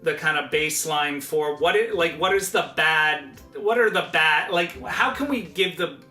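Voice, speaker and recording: A man's voice: fairly high pitch, moderate pace, bright, forceful tone, reverberant, soft background music. A man, a game writer and voice actor, chatting casually and animatedly, laughing often. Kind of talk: casual chat.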